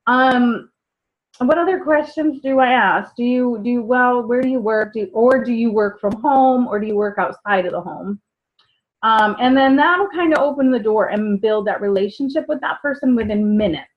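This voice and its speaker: A woman's voice: a little high, moderate pace. A woman giving casual sales training, chatty, acting out what customers say. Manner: chatty, acts out customer dialogues. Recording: dull lo-fi sound.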